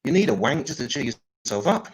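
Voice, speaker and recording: A man performing improvised stand-up in a dry, deadpan manner. His voice sits at an ordinary middle pitch, breaking now and then into loud, mocking impressions. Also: fast talker, slightly rough, rough recording. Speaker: stand-up comedian.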